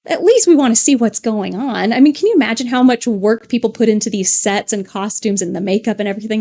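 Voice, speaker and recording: A woman's voice: a little high, fast talker, few pauses, dark tone. A woman co-hosting a livestream, chatting casually in a rambling way with restarts. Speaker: livestream co-host. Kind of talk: casual chat.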